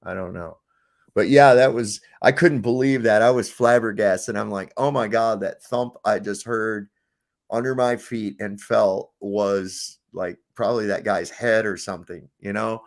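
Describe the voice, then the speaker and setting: A middle-aged man hosting a podcast, telling stories in a profane, animated, casual chat. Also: on the low side, unhurried, vocal fry. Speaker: podcast host.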